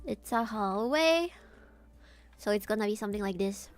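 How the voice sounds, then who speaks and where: A woman's voice: mid-range voice, animated, normal speed, no room sound. A woman streamer chatting casually and jokily while she sketches, thinking aloud as she goes. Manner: playful, jokey, thinking aloud.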